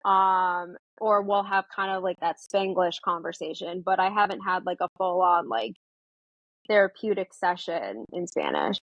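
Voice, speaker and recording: A woman's voice: fairly low pitch, moderate pace, a bit bright, no room sound, lo-fi sound. A woman in her twenties, a therapist from the United States, chatting as a guest in a casual interview, with lots of "like" and acted-out quotes of herself.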